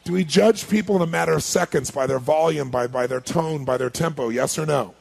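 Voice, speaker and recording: A man's voice: fairly high pitch, a little fast, vocal fry, a little mellow. A man giving a live seminar talk to an audience. He speaks emphatically, fires rhetorical questions at the crowd and repeats key points for emphasis.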